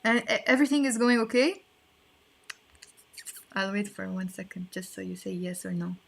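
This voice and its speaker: A woman teaching an online lesson, explaining patiently and repeating phrases slowly. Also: medium pitch, fairly even intonation, vocal fry. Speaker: language teacher.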